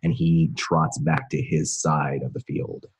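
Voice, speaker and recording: A man playing a tabletop role-playing game, describing his character's actions in a detailed, halting way. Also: a bass voice, steady tone, husky. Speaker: player.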